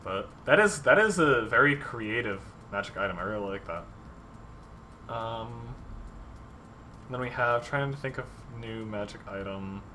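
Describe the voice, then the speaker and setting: A man's voice: mid-range voice, animated, measured pace, pushed and bright, a little hiss or hum. A man designing tabletop game monsters on a livestream, chatting casually with many fillers and reading viewer ideas aloud. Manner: rambling, many ums, reads viewer submissions aloud. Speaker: dungeon master streamer.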